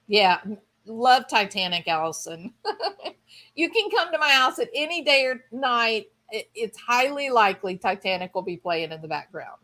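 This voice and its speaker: A woman's voice: fairly high pitch, big pitch swings, moderate pace, pushed and bright. A woman streamer casually chatting with her viewers, rambling and thinking aloud with enthusiasm. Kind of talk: casual chat.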